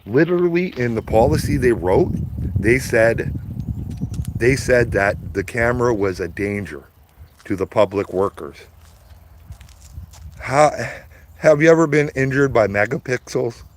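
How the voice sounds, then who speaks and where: A man's voice: medium pitch, expressive, unhurried, long pauses, slight background noise. A man live-streaming to his viewers, ranting heatedly and profanely, repeating himself as he walks outdoors by his garden. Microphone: phone.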